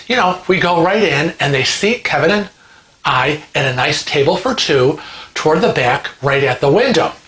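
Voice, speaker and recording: A man hosting a vlog, telling a story to camera in an animated, gossipy, conversational way. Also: a little high. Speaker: vlog host. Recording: echoey room.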